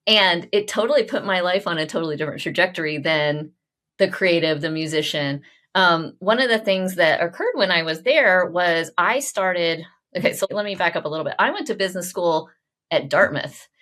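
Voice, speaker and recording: A woman in her forties from Oklahoma, hosting a podcast in an effusive, animated, chatty way with frequent laughter. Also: fairly low pitch, moderate pace. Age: 40s. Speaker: podcast host. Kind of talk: casual interview chat.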